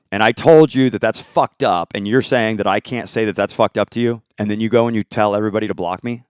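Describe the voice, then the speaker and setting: A man in an angry, profane, unscripted rant, swinging between shouting and muttering. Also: fairly low pitch, smooth, no room sound, studio quality.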